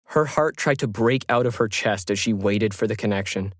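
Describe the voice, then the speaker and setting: A man giving measured, scripted narration of a science fiction story. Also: on the low side, dry recording, studio quality.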